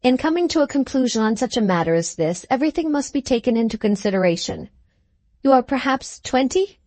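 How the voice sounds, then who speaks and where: A woman voicing an earnest foreign male musician who speaks gently but gravely in a storybook reading. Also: on the high side, animated, fairly quick, no room sound, pitched above the performer's own voice, close to an everyday voice. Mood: gentle probing.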